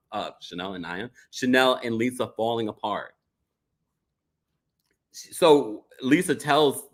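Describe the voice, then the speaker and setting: Host, male, chatty recap, lively swooping pitch, plays the cast in quick bits. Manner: animated, dramatic impressions of cast members. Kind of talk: casual recap chat reading super chats.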